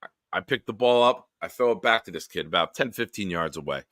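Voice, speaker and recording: A man hosting a late-night live stream hangout, telling stories in a profane, animated way. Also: low-pitched, fast talker, no room sound, clean studio sound. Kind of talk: casual late-night storytelling.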